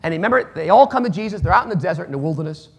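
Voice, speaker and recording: Animated gravelly male pastor preaching. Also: sits high, rapid-fire. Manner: animated, swings between hushed asides and loud emphatic bursts. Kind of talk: sermon.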